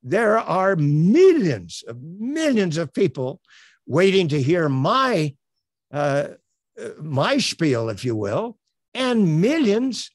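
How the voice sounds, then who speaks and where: An older man coaching on elevator pitches in an online presentation, earnest and promotional, with many uhs. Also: sing-song, takes it slowly, no room sound. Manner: filler-heavy, earnest, promotional. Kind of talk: webinar presentation. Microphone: webcam on a tripod.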